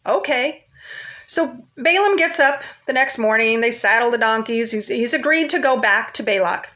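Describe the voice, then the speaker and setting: A woman's voice: fairly high pitch, lively intonation, normal speed, sharp tone. A woman casually retelling a Bible story in a chatty, informal way, with asides to her viewers.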